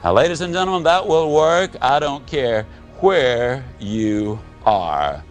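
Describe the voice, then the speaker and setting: A man giving a motivational speech to an audience, telling stories with dramatic pauses and big drops in pitch and volume. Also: animated, faint music behind. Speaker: motivational speaker.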